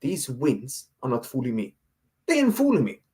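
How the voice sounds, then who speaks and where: A man's voice: mid-range voice, wildly swooping pitch, normal speed, a little mellow, husky. A man ranting as a football fan guest, repeating himself and asking "yeah?" over and over. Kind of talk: heated fan rant.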